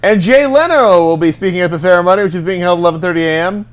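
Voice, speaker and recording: A man co-hosting a casual chat show reads celebrity headlines aloud. His voice is smooth and clear, sitting a bit high for a man. He trips over numbers and talks himself through the math. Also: fast talker. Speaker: news-reading co-host. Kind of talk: casual entertainment news chat.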